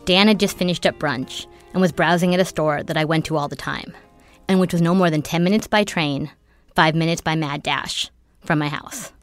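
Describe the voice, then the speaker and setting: A woman with a slightly low voice narrates her podcast from a script, her delivery wry and dry. Faint music runs quietly beneath her. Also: normal speed, no echo. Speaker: podcast host.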